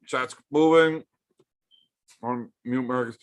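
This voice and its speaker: Gravelly, bright-voiced man streaming. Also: medium pitch, steady tone, moderate pace. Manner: profane, joking banter reading chat. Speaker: livestream host. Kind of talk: casual livestream chat with viewers. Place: home during a livestream.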